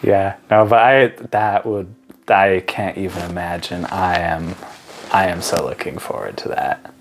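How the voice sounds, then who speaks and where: A man's voice: low-pitched, steady tone, unhurried, slight background noise. Earnest, rambling young-sounding man. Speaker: podcast co-host. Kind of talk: casual religious discussion.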